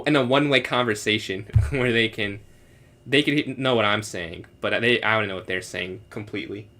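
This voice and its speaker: Giovane uomo luminoso che commenta scacchi in diretta. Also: male voice, medium pitch, sharp tone. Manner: thinks aloud, answers chat questions, switches into halting beginner French. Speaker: chess streamer solving puzzles with chat. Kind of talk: casual live-stream commentary.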